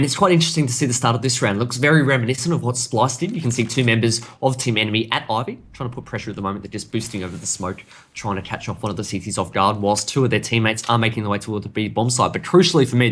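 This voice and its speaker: A man's voice: medium pitch, fast, a bit bright. A man giving analytical color commentary on a live esports match, breaking down tactics in detail.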